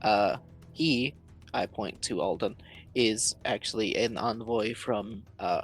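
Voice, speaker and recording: A man's voice: lowish voice, slow, slightly rough, faint music behind. A man playing a tabletop game, speaking in character in a polite, formal way. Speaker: player.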